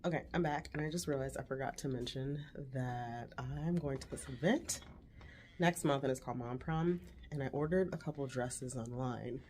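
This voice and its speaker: A woman chatting casually at home as a vlogger and mother, animated and quick to laugh. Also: very deep voice, a little hiss or hum. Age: 40s. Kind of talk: casual chat.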